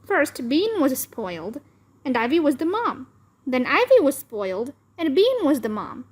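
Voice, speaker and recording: A woman narrating a children's chapter book aloud, careful and even. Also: high voice, measured pace. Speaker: read-aloud channel host. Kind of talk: children's storybook read-aloud.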